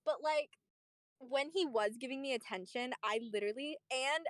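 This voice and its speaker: A young woman streamer chatting casually, telling a story in an animated, profane way. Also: high voice, normal speed, no echo. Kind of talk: casual chat.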